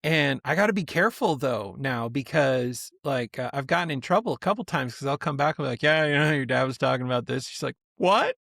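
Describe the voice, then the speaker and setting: A middle-aged man co-hosting a casual podcast, a storyteller who drops into quick impressions of the people he talks about. His voice sits at an ordinary middle pitch. It is recorded close and dry, with no room echo. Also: vocal fry. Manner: animated storyteller, jumps into quoted voices. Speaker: podcast co-host. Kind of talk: casual chat.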